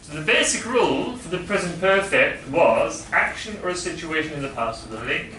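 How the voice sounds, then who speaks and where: A man with a slightly raised voice teaches grammar to a class, patiently explaining and putting questions to the room. He is recorded from across an echoey classroom with steady noise behind him. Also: a little high, moderate pace. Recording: echoey classroom, far from mic, background noise.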